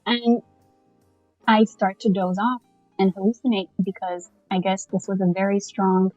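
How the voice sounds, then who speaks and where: A woman from Canada, a podcast guest, telling a personal story in a lively, casual way and laughing often as she goes. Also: medium pitch, a little slow, dry recording, muffled recording, faint music behind.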